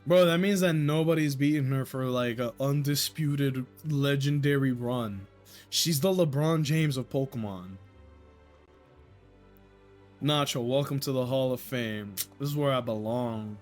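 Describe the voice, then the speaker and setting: Male streamer, excitable and jokey, mid-pitched voice, faint game music behind. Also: unhurried. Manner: joking, excitable, laughs often, swears, talks to chat. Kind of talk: live gameplay commentary.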